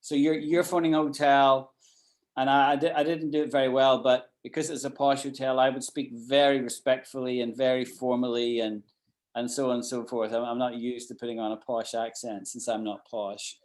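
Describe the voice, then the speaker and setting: Man, English teacher, mid pitch, halting, video call audio. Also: flat delivery. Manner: hesitant, repeats words. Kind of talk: online class feedback. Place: at home in Ireland.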